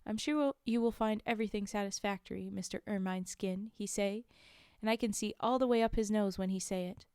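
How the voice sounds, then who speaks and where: A woman's voice: mid-range voice, a little fast, a little mellow, clear, resonant tone, no room sound, studio quality. A woman streaming a book reading, reading the text plainly and breaking off for chatty, amused asides.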